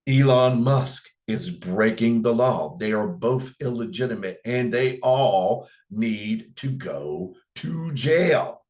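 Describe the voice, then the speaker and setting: Middle-aged man, show host, slow deliberate emphatic delivery, impassioned commentary. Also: medium pitch, animated, darkish tone. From United States. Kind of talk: political commentary broadcast.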